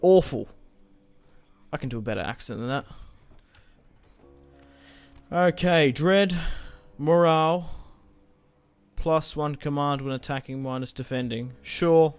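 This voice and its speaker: A man's voice: fairly high pitch, unhurried, long pauses, smooth, no room sound, faint music behind. A man giving casual, thinking-aloud commentary on a strategy game he is playing, and swearing when things go wrong. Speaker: gaming channel host.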